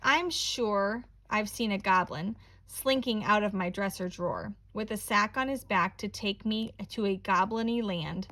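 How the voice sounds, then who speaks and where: Slow, expressive woman reading a storybook. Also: mid-range voice. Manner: slow, expressive read-aloud with playful emphasis. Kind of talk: reading a picture book aloud.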